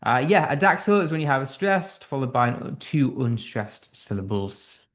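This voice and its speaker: A man's voice: mid-range voice, big pitch swings, normal speed, a bit bright. A man with a British accent teaching an online English class, upbeat and thinking aloud as he reads out quiz answers. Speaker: English tutor.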